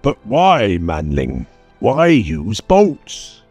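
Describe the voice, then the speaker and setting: A man voicing a blunt, gruff dwarf warrior. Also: on the low side, wildly swooping pitch, drawn-out words, darkish tone, no room sound, exaggerated voice. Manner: curt, blunt, few words. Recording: dry close mic, faint music bed.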